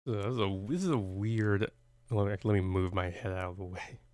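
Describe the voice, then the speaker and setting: A man's voice: on the low side, fairly quick, a little mellow, no echo. A man hosting a reaction video, talking casually in a rambling, hesitant way with many restarts.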